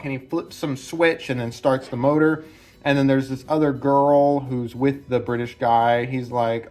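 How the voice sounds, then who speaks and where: A man's voice: mid-range voice, steady tone, normal speed, a little mellow. A man casually analyzing a film's characters at home, rambling with many fillers and restarts. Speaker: film analysis host. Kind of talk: casual spoken film breakdown. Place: home room with branches hitting the roof.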